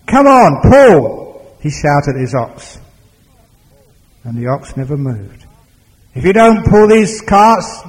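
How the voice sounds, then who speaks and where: A man telling a folk tale aloud in a lively, expressive, conversational way. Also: medium pitch. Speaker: storyteller. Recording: long hall reverb.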